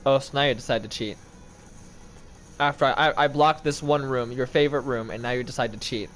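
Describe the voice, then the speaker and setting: A man's voice: medium pitch, a little fast, fairly bright tone, slight background noise. A young man giving casual gameplay commentary, pleading with and scolding an in-game character that won't go the right way. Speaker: gaming video creator.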